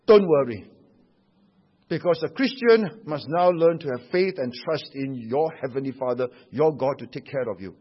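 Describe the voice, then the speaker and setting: A man's voice: medium pitch, expressive, normal speed, slightly rough, highs cut off. A male preacher giving an emphatic sermon, explaining scripture with rhetorical questions.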